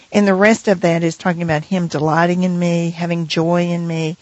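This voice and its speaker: A woman co-hosting a Christian radio program, earnestly sharing a personal testimony and reading scripture slowly and reflectively. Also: lowish voice, little pitch movement, darkish tone, dry recording, muffled recording.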